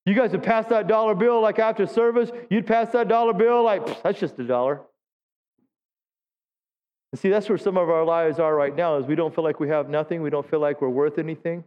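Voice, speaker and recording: A man's voice: high voice, fast talker, hardly any pauses, clear, resonant tone. A male pastor giving a sermon in a church, talking with the congregation and asking them questions. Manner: conversational preaching, asks the congregation questions. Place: church sanctuary. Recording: dull lo-fi sound with long hall reverb.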